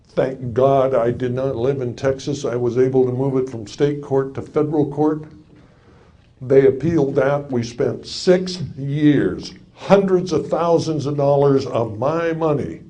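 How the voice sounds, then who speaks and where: Older male speaker, wry and folksy, telling a long story on stage, warm low tone, middle pitch. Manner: folksy, wry storyteller with punchlines and acted quotes. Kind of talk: storytelling talk to a live audience.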